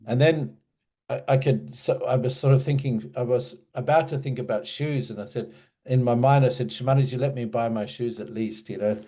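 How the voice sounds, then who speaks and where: An Australian man in his sixties appears as an interview guest, reminiscing in a meandering way with many restarts and asides. His voice is mellow and medium-pitched, at a moderate pace.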